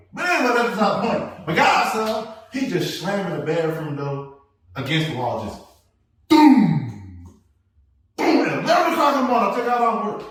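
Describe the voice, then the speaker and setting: A man hosting a casual podcast chat, telling animated stories and laughing often. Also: high voice. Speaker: podcast host. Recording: echoey room, mic at a distance.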